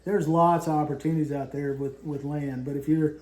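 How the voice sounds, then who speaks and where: A man's voice: on the high side, steady tone, a little fast, darkish tone, echoey room. A man in his fifties from southern West Virginia, chatting casually on a vlog in a rambling, folksy storytelling way. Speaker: vlog co-host. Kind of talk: casual chat.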